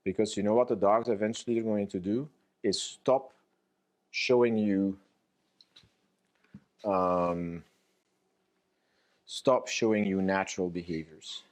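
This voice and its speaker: A man's voice: on the low side, slow, pauses often. A man giving a lecture on dog training. He speaks bluntly, swears freely, and jokes animatedly. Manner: blunt, profane, animated and joking.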